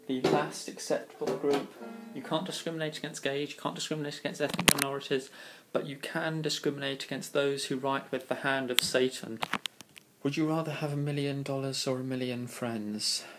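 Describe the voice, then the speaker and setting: This clip has a young man from Kingston upon Thames speaking with a southeast English accent over loud music. A vlogger doing a casual question tag, he answers each question drily, sarcastically and at rambling length, in a mid-range voice with a level tone at normal speed.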